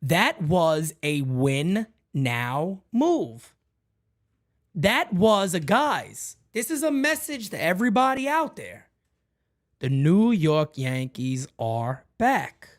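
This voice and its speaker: A man hosting a baseball fan show, emphatic, swinging between shouts and low mutters. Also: sing-song, takes it slowly. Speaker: fan channel host.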